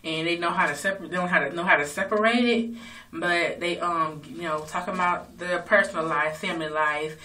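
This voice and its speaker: A woman's voice: on the low side, fairly quick, bright, forceful tone. A woman casually recapping a reality show episode, loose and rambling with lots of fillers and swearing. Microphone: phone. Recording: distant phone recording.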